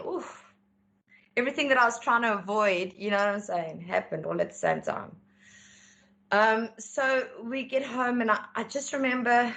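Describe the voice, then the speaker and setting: A woman telling her life story as an interview guest, candid and animated when she acts out dialogue. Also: mid-range voice. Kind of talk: personal storytelling.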